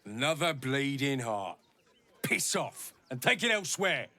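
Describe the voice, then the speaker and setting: An actor playing a snide, bigoted city local in a fantasy video game. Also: male voice, medium pitch, sing-song, a little slow, pushed and bright, a little hiss or hum. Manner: snide, dismissive.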